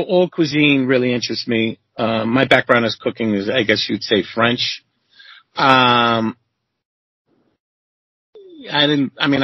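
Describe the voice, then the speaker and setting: Husky, profane man telling stories. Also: dry recording, muffled recording. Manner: profane, animated, acts out quotes in a high voice. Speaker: interview guest, former chef. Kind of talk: casual storytelling.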